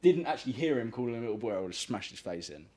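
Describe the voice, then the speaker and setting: A man's voice: medium pitch, lively intonation, rapid-fire, a little mellow. A young man telling a story on a podcast, slangy and full of swearing. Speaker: podcast host. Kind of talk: casual storytelling.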